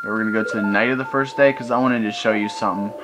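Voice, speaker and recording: A young man narrates his gameplay in a lowish, steady, rapid-fire voice. As a let's play gamer, he rants in exasperation with frequent exclamations, and video game music plays in the background.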